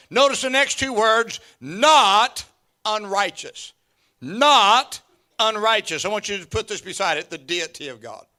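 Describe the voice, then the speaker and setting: Fifty-something pastor preaching hard, super bright sharp voice, repeats lines, shouts now and then. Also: male voice, high voice. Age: 50s. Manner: emphatic preaching with repetition and sudden shouts; joking asides to the congregation. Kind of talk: sermon.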